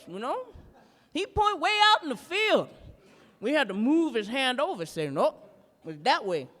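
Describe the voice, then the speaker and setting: A stand-up performer with a medium-pitched, fairly bright voice reenacts her routine, spinning a profane story punctuated by drawling, rhythmic asides. The art museum performance space gives her a long reverb tail.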